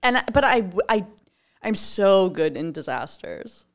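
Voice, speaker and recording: A woman's voice: mid-range voice, sing-song, unhurried. A woman co-hosting a podcast, chatting casually in a bubbly, jokey way and laughing often. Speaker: podcast co-host. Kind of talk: casual chat.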